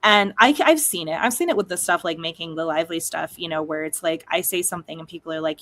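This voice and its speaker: A young adult woman hosting a casual chat, talking in quick, chatty runs with frequent laughs and asides. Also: lowish voice, fairly bright tone. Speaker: host.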